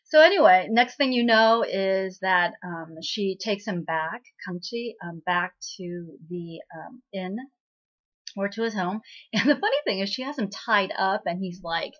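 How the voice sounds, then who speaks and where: A woman's voice: medium pitch, expressive, a little slow, fairly bright tone. A woman hosting a casual spoken recap of a drama episode, chatty and full of fillers and asides. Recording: slightly muffled lo-fi recording.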